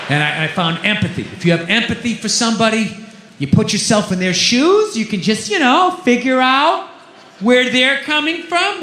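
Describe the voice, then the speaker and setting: A man performing a stand-up comedy routine, ranting and swearing, jumping from muttering asides to shouted outbursts. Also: sits high, a little hiss or hum. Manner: loud, ranting, profane, swings between shouting and muttering. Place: comedy club stage. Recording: echoey live club room.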